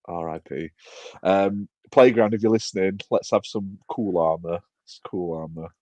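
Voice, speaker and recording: A man with a fairly low voice, chatting as a podcast co-host. He rambles, restarts his sentences and jokes at his own expense. His voice is recorded close and dry, with no room sound. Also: normal speed, dark tone, no room sound, lo-fi sound. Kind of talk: casual chat.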